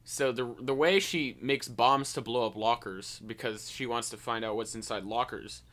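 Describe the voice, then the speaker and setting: A man's voice: medium pitch, normal speed, fairly bright tone. A man co-hosting a casual movie review chat, rambling and stumbling over his words. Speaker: podcast co-host.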